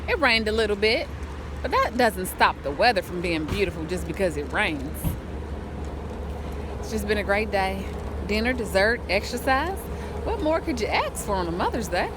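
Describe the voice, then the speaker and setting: A woman vlogging casually to the camera, chatty and animated, often laughing and using folksy, churchy phrasing. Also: mid-range voice, noisy background. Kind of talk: casual vlog talk to camera.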